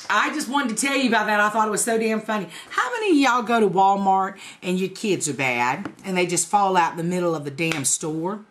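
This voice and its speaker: A woman's voice: medium pitch, a bit bright. A woman in her forties telling a story in a casual, profane, laughing way to her viewers. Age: 40s. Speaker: vlogger.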